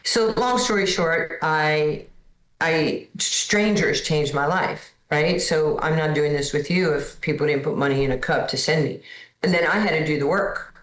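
A woman in her sixties from New York, telling candid, self-deprecating stories as a guest in a lively conversation. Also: low-pitched, a little slow, roomy sound, rough recording. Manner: lively, candid, self-deprecating, repeats words when starting. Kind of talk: storytelling in conversation.

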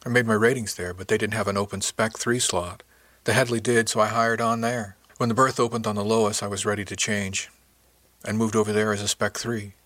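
A man narrating an audiobook voices a frank, friendly woman spacer, speaking candidly and matter-of-factly, in his own low-pitched voice. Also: little pitch movement, a little fast, a bit bright, no room sound, lightly acted. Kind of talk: audiobook character voice.

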